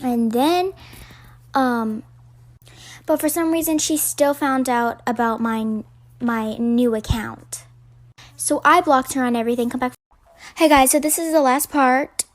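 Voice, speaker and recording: A woman's voice: sits high, fairly even intonation, a little slow, pauses often. A young woman casually telling a personal story in parts, hesitant with many fillers.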